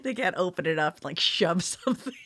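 A woman's voice: lowish voice, expressive, a little fast, a bit bright, breathy edge, no room sound, studio quality. A woman co-hosting a podcast in casual chat, giggly and talkative, often restarting her sentences. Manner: giggly, chatty, frequent restarts. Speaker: podcast co-host.

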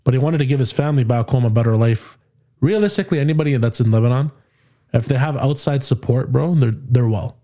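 A young Canadian man hosting a podcast, chatting casually and telling animated stories full of quoted dialogue and slang. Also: mid-range voice, fast talker. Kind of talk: casual storytelling chat.

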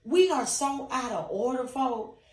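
A woman's voice: high voice, expressive, measured pace. A woman co-hosting a casual faith chat, affirming and echoing her co-host's words. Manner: affirming, echoes her co-host. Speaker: podcast co-host. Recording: roomy sound from a distance.

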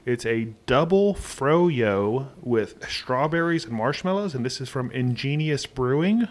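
A man hosting a casual podcast in a relaxed way, steering the talk and introducing the next segment. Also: mid-range voice, measured pace. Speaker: podcast host. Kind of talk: casual chat.

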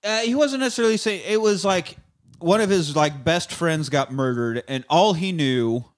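Rambling, profane young podcast host. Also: male voice, on the high side, expressive, normal speed. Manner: rambling, profane, uses many fillers. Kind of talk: casual chat, retelling a film.

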